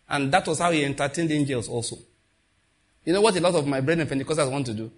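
A man preaching a sermon with lively call-outs to his congregation. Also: fairly high pitch, fast talker. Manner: animated preaching with call-outs and acted quotes.

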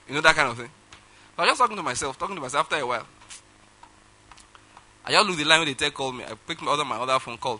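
A man's voice: on the high side, animated, fast, pauses often, bright, forceful tone, poor audio. A man preaching a sermon, telling a personal story and acting out phone calls with laughter. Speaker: pastor.

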